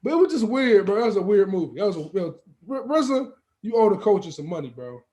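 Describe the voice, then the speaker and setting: Podcast host guy, pretty high voice, laughs a lot, slangy, keeps saying bro. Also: sing-song, quick pace, mellow. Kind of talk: casual chat.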